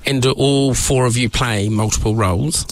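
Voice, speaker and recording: A man's voice: medium pitch, fairly even intonation, normal speed, a little hiss or hum. A male interviewer asking a stage actor questions, friendly and encouraging.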